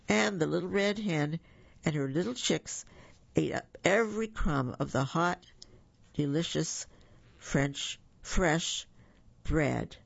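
A storyteller reading children's stories aloud, with gentle chatty asides to the listeners. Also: medium pitch, lively intonation, slow pace, vocal fry, no room sound. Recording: muffled lo-fi recording.

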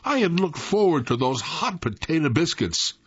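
A man in his eighties reading his own memoir aloud in an expressive storytelling manner. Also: fairly high pitch, normal speed, husky. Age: 80s. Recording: dull lo-fi recording.

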